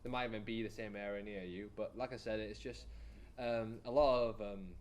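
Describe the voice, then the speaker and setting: A man's voice: on the low side, fairly even intonation, normal speed. Laid-back Yorkshire man chatting. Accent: West Yorkshire English. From England. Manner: laid-back, rambling, searches for words. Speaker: podcast co-host. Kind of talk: casual chat.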